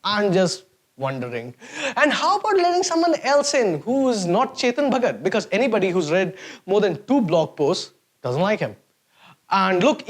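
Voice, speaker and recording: A man hosting a sarcastic, mocking comedy rant to camera. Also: high voice. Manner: sarcastic, mocking, exaggerated swings of voice. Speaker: host.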